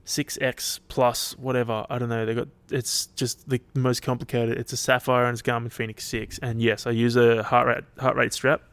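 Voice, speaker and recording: A man's voice: mid-range voice, level tone, moderate pace, few pauses, a bit bright, clean tone. Sweary, rambling Australian man. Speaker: podcast host. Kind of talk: casual solo chat.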